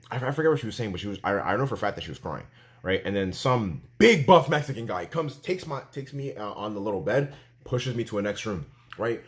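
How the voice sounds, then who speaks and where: A young man telling a storytime vlog, excitable and slangy, repeating filler phrases and acting out quoted dialogue. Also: medium pitch.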